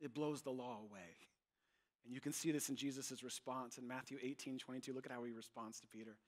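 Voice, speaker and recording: A man preaching a sermon as pastor, emphatic and animated, repeating his points. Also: mid-range voice, fast.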